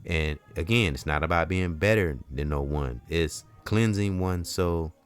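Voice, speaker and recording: Host, male, very low voice, rambling preachy spiritual monologue. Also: a little slow, smooth, soft background music. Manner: preachy, loose and repetitive, many "you know"s. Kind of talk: casual spiritual talk.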